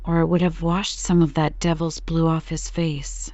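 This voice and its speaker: A woman reading the part of a gruff, hearty old sea captain who blusters, on a dull lo-fi recording. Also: sits low, little pitch movement, moderate pace, a little mellow, dry recording, lightly acted.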